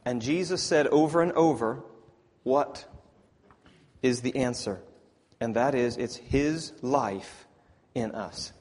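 A man preaching a sermon, swinging from loud emphatic lines to near whispers. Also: medium pitch, slow pace, long pauses, long reverb tail.

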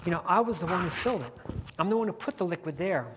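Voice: mid-range voice, expressive, quick pace, in a large hall, noisy background. A preacher giving a morning sermon from a church stage, filling nearly every phrase with "you know" and repeating key lines for emphasis.

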